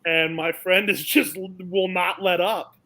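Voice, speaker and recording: A man's voice: high voice, slow, low-quality recording. A young man from South Florida, a racetrack announcer, telling stories in a casual interview and acting out the people in them. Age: young adult. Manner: animated storyteller, acts out the people in his stories.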